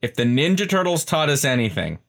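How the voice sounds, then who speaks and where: A man's voice: mid-range voice, big pitch swings, fairly quick, vocal fry, fairly bright tone. A man co-hosting a casual chat, emphatic and teasing. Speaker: podcast co-host.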